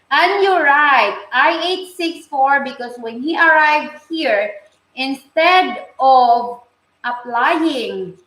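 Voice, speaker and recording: A woman's voice: fairly high pitch, fairly bright tone, roomy sound, poor audio. A woman with a Filipino accent chatting on a live stream, reading viewer comments aloud, greeting people by name, and repeating and restarting phrases as she thinks. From Philippines. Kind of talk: casual live-stream chat while cooking. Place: home kitchen.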